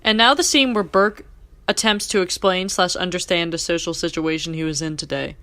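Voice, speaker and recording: A young woman co-hosts a casual podcast, her voice sitting a little low and sounding dry and close. She gushes over a TV episode and acts out the characters' lines as she retells them. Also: fairly quick, no room sound. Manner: gushing, animated, acts out quoted lines. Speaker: podcast co-host. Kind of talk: casual chat recapping a TV episode.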